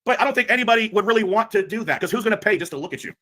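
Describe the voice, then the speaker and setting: A man streaming a crude, mocking rant with sudden shouting bursts. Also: sits high, lively intonation, very fast. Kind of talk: ranting livestream commentary.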